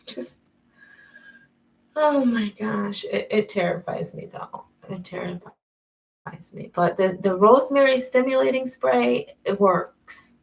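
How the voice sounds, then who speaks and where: Chatty middle-aged woman, gravelly, off-mic. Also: medium pitch, distant mic, low-quality recording. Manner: chatty and self-mocking, laughs often. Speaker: life coach and author. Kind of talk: casual live-stream chat and book reading. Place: at home at night.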